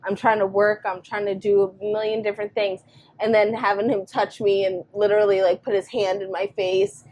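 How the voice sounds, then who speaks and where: A woman's voice: medium pitch, little pitch movement, normal speed, darkish tone, a little hiss or hum. A young woman co-hosting a podcast, talking casually about parenting and often quoting her son and herself. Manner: chatty, acts out her son and herself in quotes. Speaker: podcast co-host. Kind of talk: casual chat.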